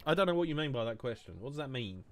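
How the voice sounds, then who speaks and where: A man's voice: mid-range voice, sing-song, rapid-fire, slight background noise. A young man hosting a gaming channel, rambling through joking, sarcastic commentary and laughing often. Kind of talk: casual gameplay commentary. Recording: clear game gunfire behind voice.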